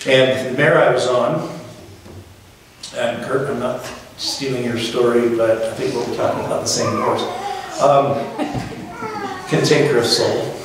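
Middle-aged guy giving a eulogy, gentle humor, faint hiss, echoey chapel. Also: medium pitch. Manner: halting, reflective, with gentle humor. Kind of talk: funeral eulogy. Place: funeral chapel. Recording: very echoey hall from far off, faint noise.

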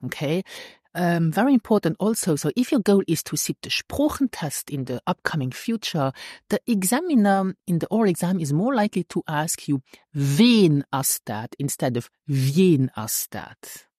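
A woman teaching a language lesson in a patient, deliberate way, often checking in with the listener. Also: lowish voice, big pitch swings, a little mellow, breathy edge, no echo, studio quality. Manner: patient, slow and deliberate, checks in with "hmm?" and "okay?".

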